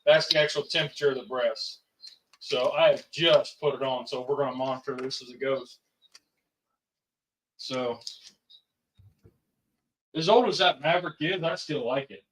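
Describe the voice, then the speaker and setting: A man's voice: medium pitch, normal speed, pauses often, fairly bright tone, a little hiss or hum. A middle-aged man hosting a casual livestream, rambling and chatty as he talks to viewers and family. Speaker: livestream host and home cook. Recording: dull, distant mic.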